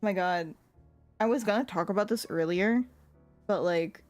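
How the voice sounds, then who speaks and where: A woman's voice: medium pitch, moderate pace, pauses often, faint music behind. A young woman telling a story in casual chat, laughing often and filling her talk with "like.". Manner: animated, laughs often, lots of "like" fillers; swears when annoyed. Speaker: streamer.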